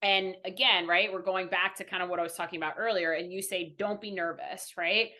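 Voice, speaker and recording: On a podcast interview, a young adult woman who coaches mindfulness explains earnestly, like a teacher, tagging "right?" onto almost every point. Her fairly low voice is bright and forceful, with fairly even intonation and a fairly quick pace.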